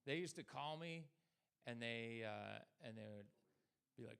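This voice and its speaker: A young man performing a stand-up comedy set, talking deadpan to the crowd and slipping into mock voices for the people he quotes. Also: mid-range voice, a little slow, creaky, long pauses, clear, resonant tone.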